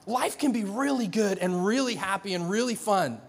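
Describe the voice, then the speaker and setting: A middle-aged man preaching a sermon in a conversational, animated way, with frequent restarts and acted-out dialogue. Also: high-pitched, moderate pace, creaky, husky. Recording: long hall reverb.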